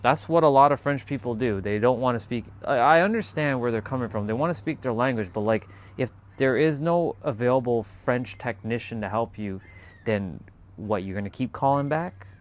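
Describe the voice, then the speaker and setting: A man telling a casual, animated story in a monologue, swearing freely and acting out the people in it with quoted voices. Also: mid-range voice, normal speed. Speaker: spiritual talk host.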